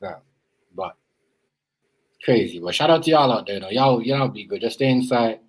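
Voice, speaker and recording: A man's voice: mid-range voice, expressive, normal speed, slightly rough, poor audio. A man hosts a laid-back podcast conversation. His talk is loose and rambling, and he circles back over the same phrases again and again. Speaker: podcast host. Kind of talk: casual chat.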